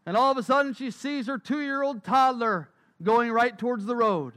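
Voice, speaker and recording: A man's voice: extremely high pitch, moderate pace, fairly bright tone. A man preaching a sermon, telling stories emphatically and repeating key phrases. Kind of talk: sermon storytelling.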